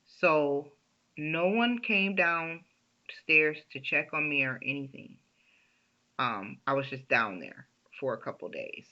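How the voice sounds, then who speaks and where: A woman telling a personal story in a halting way, often restarting her sentences, on a dull lo-fi recording. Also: deep voice, expressive, pushed and bright.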